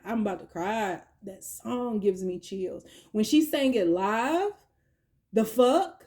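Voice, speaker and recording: A woman giving a chatty tarot reading, slangy and playful, with quick asides. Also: a little high, animated, mellow. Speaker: tarot reader. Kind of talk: casual tarot reading monologue.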